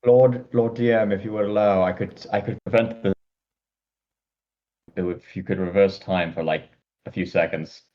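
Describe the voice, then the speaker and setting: A man's voice: deep voice, steady tone, moderate pace, long pauses, dull audio. A man chatting casually as a player in a tabletop game. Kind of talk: tabletop role-play chat.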